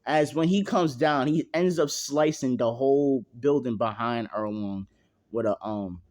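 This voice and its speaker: A man's voice: mid-range voice, a little slow, darkish tone. A young man narrating a fan-made story at home in a casual, rambling way, full of fillers and slang and freely swearing.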